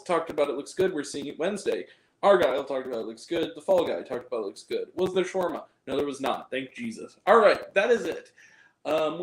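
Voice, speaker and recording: A man casually reviewing a movie in a blunt, rambling, profane way. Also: on the high side. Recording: roomy echo.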